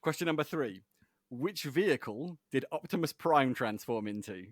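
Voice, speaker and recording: A man's voice: mid-range voice, lively intonation, normal speed, dry recording, clean studio sound. Giggly, chatty male podcast host. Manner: chatty, giggly, rambling with fillers. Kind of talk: casual podcast chat.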